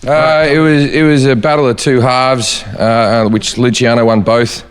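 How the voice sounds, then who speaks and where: A man's voice: medium pitch, moderate pace. A man co-hosting a comedy podcast, joking through a casual recap. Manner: joking, animated sportscaster-style recap. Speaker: podcast co-host. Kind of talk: casual banter.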